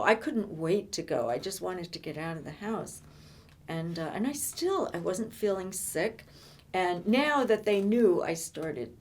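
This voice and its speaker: An older woman telling her own life story in conversation, halting and often repeating words as she restarts. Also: fairly low pitch, a little mellow. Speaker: interviewee.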